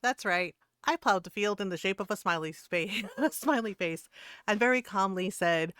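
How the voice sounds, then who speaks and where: A woman's voice: mid-range voice, normal speed, fairly bright tone, clean tone, no echo, studio quality. A middle-aged woman streaming a game, chatting casually in a blunt, swearing manner and laughing often.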